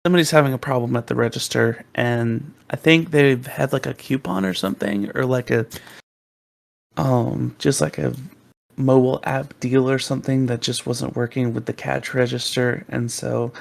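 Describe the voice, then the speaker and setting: A young man on a podcast, telling a rambling story with plenty of fillers and restarts. His voice has a gravelly, creaky texture at a middle pitch. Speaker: podcast co-host. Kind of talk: casual storytelling.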